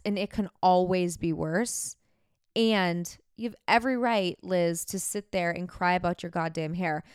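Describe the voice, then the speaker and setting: A woman's voice: fairly low pitch, a little mellow, clean tone, no echo, clean studio sound. A woman hosting a podcast, talking frankly and chattily about herself in a candid self-help monologue. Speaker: podcast host.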